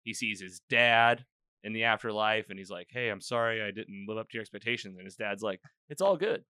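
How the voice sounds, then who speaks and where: A man hosting a casual chat, retelling an episode in a rambling, animated way with quoted lines. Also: lowish voice, fairly quick, clear, resonant tone, no echo, clean studio sound. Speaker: podcast host.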